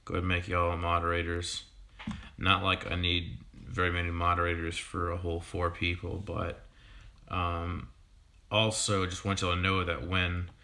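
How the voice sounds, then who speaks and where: Deep, flat-voiced man rambling on a livestream. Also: vocal fry. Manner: halting, full of ums and restarts. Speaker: fishkeeping YouTuber and sixth-grade teacher. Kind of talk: casual livestream chat.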